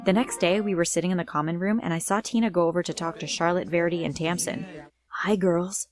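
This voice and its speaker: Young woman narrating, slightly low voice. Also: fairly even intonation, fast. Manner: dramatic first-person retelling. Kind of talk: storytime narration. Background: faint music.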